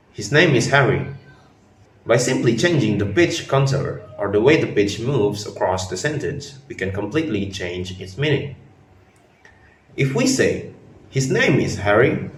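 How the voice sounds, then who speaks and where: Low-voiced man giving a class talk. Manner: measured explanatory delivery. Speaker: student presenter. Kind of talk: class presentation. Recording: roomy, from a distance, faint noise.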